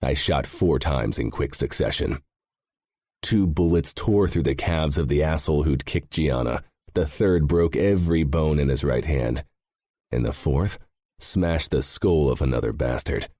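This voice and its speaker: Deep male narrator for a first-person audiobook, grim and intense, very dry close sound. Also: a little slow, mellow, no room sound.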